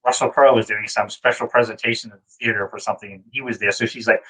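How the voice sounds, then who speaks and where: A man's voice: steady tone, fast talker, hardly any pauses, a bit bright, slightly rough, low-quality recording. Rambling man from New England. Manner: rambling storyteller, acts out quotes in a high voice. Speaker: co-host. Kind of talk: casual chat, anecdote telling.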